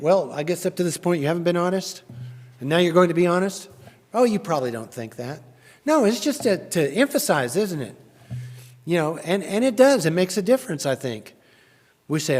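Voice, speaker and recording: A man preaching a sermon in a church, chatty and questioning, rising loudly when he reads scripture. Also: on the high side. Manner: conversational, asks the congregation questions. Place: church sanctuary. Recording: long church reverb.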